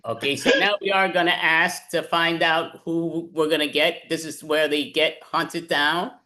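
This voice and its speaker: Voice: mid-range voice, steady tone, measured pace, pushed and bright. A host running an improv comedy game over a video call, giving casual instructions. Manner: casual, instructing, loose fillers.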